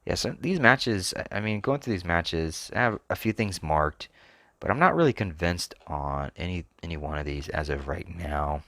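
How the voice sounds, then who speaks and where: Man, extremely low voice, dry close sound, casual solo talk, hesitant musing. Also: moderate pace, creaky, fairly bright tone, no room sound. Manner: thinks aloud, hesitant, trails off often. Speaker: sports picks channel host.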